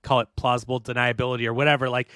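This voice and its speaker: Male podcast host, mid pitch, dry mic, keen and halting. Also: little pitch movement, fairly bright tone, dry recording. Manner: enthusiastic, halting restarts. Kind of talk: casual conversation.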